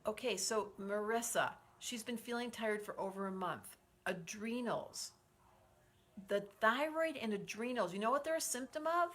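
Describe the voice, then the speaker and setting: A woman's voice: a little high, moderate pace, a bit bright. A woman in her sixties hosting a live stream as an astrologer. She is effusive and encouraging, reads viewer comments aloud and leads group breathing. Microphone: livestream setup.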